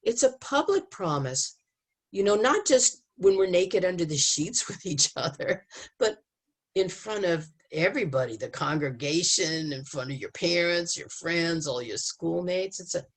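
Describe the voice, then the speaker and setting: A woman's voice: fairly low pitch, lively intonation, unhurried, husky. Emphatic storytelling woman. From United States. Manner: storytelling, quoting people in voices, emphatic. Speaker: speaker on marriage and family. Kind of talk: lively talk to an audience.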